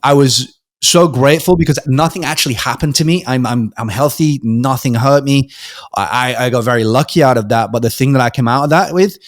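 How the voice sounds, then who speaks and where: A man's voice: mid-range voice, a little fast, dry recording, clean studio sound. A young British man, a podcast guest, telling a personal story in a casual way, acting out the voices of others with many ums and restarts. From Britain. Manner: animated storyteller, acts out quoted voices, frequent ums and restarts.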